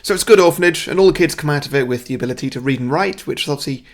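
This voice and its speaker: A man's voice: on the high side, rapid-fire, vocal fry. A man co-hosting a casual chat, animatedly telling a story he wrote and laughing often. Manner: animated, laughs often, puts on voices for characters. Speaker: podcast co-host pitching a story.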